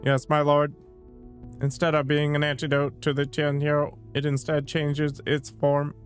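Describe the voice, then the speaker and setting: A man's voice: fairly high pitch, monotone, a little slow, faint music behind, natural voice. A man voicing a formal, dutiful male servant scientist who speaks deferentially.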